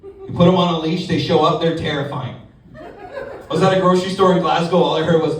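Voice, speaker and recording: A man performing a stand-up comedy set, telling animated stories and acting out voices. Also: on the high side, fairly quick, noisy background. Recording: echoey club, distant mic, audience laughter.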